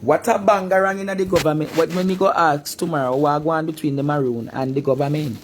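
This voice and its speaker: A man with a Jamaican accent ranting in a live-stream monologue, breaking into shouts and sing-song cries. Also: a little high, steady tone, brisk, background noise.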